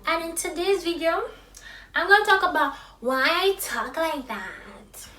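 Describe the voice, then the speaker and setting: A woman's voice: a little slow, echoey room, far from the mic. Sassy woman with a childlike voice. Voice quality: childlike high voice. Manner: expressive, sassy, swings from loud to hushed. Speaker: vlogger. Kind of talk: casual vlog monologue.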